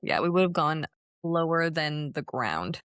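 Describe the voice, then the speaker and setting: In a low, smooth voice at a slightly slow pace, a woman co-hosts a podcast with casual chat. She's animated and profane, laughing a lot and acting out quotes, and the studio recording is clean with no echo.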